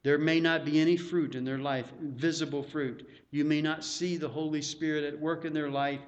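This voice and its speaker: A man's voice: fairly high pitch, little pitch movement, moderate pace, dull audio. A man preaching a sermon as pastor, emphatic and repeating words for stress.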